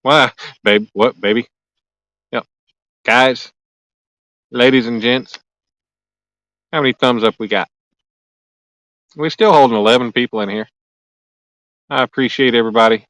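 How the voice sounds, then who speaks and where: A man chats through a live stream from a lakeside at night, joking and answering viewer comments as they come in. His voice sits in a middling register, relaxed and casual. The sound is dry and close, with no room echo. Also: mid-range voice, measured pace, long pauses. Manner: chatty, reads and answers viewer comments aloud; joking, easygoing. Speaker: livestream host. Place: outdoors at a lake at night.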